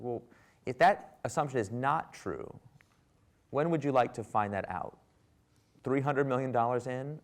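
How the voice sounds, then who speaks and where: A man in his thirties from the United States, giving a public talk with wry, animated storytelling that acts out dialogue. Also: medium pitch. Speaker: author and speaker. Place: lecture hall with audience.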